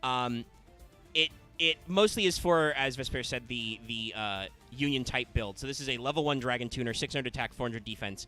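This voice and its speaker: A man's voice: medium pitch, moderate pace, pushed and bright, soft background music. A man hosting a casual gaming stream, rambling and joking as he reads card stats aloud. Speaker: stream host going over cards.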